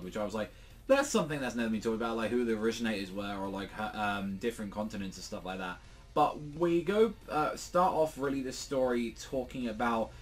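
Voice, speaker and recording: A young British man casually reviewing a manga chapter, rambling with many fillers and swearing, and jumping into exaggerated quoted voices. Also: fairly low pitch. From Britain. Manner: rambling, lots of fillers and swearing, acts out quotes in jumpy bursts. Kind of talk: casual solo review chat.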